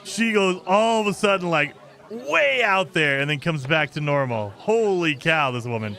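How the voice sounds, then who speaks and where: Male let's-play host, casual and exasperated, slightly high pitch. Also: animated, normal speed, vocal fry, bright, forceful tone. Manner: exasperated, laughs often, talks over the game. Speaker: gaming channel host.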